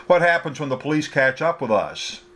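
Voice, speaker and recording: A man's voice: fairly high pitch, sing-song, moderate pace, fairly bright tone, pitched above the performer's own voice. A man reading a story, voicing a guarded, dry-humored young man driving a stranger. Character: young man, wary reluctant driver.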